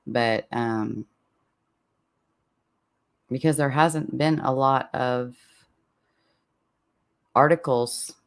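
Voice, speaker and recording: A man's voice: mid-range voice, extremely slow, gravelly, long pauses. A man hosting a true crime podcast, chatting loosely in a listener Q&A, often breaking off mid-sentence and laughing at himself. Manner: rambling, self-interrupting, laughs at himself. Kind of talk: casual Q&A chat with listeners.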